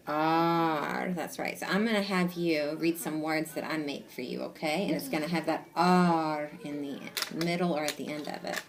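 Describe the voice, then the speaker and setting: A patient woman teacher giving a one-on-one reading lesson, coaxing a child along with gentle questions. She slows right down to stretch out sounds piece by piece and keeps her praise steady. Her voice sits somewhat low for a woman. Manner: patient and encouraging, sounds out words slowly and asks guiding questions.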